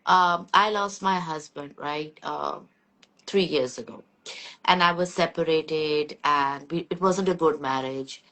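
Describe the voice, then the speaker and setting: A woman's voice, pitched on the low side, speaks candidly and earnestly. She is middle-aged and talks in a reflective podcast conversation, sharing something personal at an unhurried, thoughtful pace. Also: a bit bright. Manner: candid, earnest storytelling about personal grief. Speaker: podcast host.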